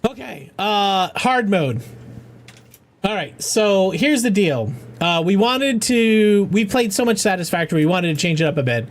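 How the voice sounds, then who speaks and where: High-pitched man, middle-aged, rambling and profane, charity game streamer chatting with viewers. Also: very animated, a little slow. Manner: loose, profane, rambling with restarts. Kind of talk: casual livestream chat.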